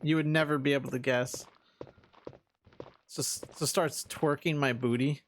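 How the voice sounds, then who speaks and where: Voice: medium pitch, fairly even intonation, unhurried, slight background noise. A young adult streamer giving casual let's-play commentary, rambling and full of filler words. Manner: rambling, laughing, heavy use of filler words.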